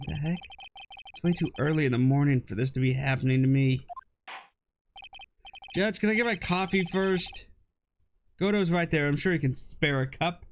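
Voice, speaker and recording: A man's voice: fairly high pitch, moderate pace, long pauses, a little hiss or hum. A young man co-hosting a gaming let's play, teasing and wry in casual banter. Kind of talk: casual gaming banter and reading game text.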